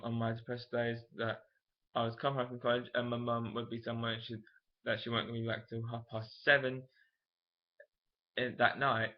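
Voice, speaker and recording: A young man, telling a personal story to camera in a frank, emotional, rambling way. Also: medium pitch. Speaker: vlogger. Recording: dull lo-fi camera audio.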